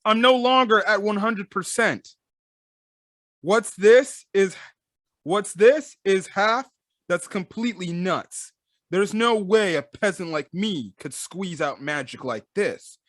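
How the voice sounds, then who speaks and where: A man's voice: high-pitched, slow, fairly bright tone, dry recording, clean studio sound, voice pushed up. Brief: man doing defiant young male manga fighter, stubborn, brash.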